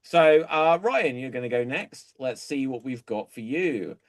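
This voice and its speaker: A man hosting improv comedy games, brisk and chatty, laughing often between fillers. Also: mid-range voice, animated. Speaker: host.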